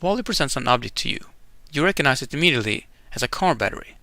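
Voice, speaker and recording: A man's voice: mid-range voice, very animated, racing, pushed and bright, no room sound. A man streaming a game, reading its text aloud in a chatty way with casual asides and laughing at himself. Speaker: gamer streaming an event.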